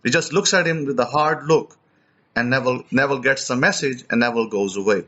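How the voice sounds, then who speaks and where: A man's voice: mid-range voice, a little fast, bright, forceful tone, lo-fi sound. A man preaching in a storytelling way, retelling an account animatedly and often repeating or restarting his words. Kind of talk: storytelling teaching.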